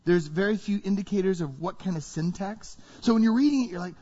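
A man preaching a sermon to a congregation, animated and full of rhetorical questions. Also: sits high, fairly quick. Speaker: pastor. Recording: reverberant hall, dull sound.

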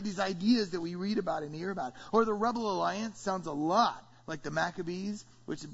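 A man preaching a sermon as pastor, energetic and playful, drawing responses from his congregation. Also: high-pitched, husky. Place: church sanctuary. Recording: dull sound, long hall reverb.

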